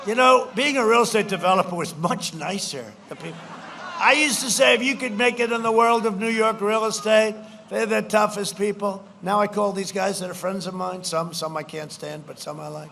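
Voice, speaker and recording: High-voiced man giving a repetitive rally speech. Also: steady tone, moderate pace, vocal fry, pushed and bright, a little hiss or hum. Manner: repetitive, boastful, slips into mocking quoted voices. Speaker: political speaker at a campaign rally. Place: large outdoor rally.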